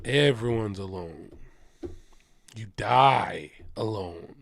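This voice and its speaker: A man's voice: fairly low pitch, expressive, slow pace. A man in his twenties livestreaming a casual, confessional rant, talking bluntly and swearing freely.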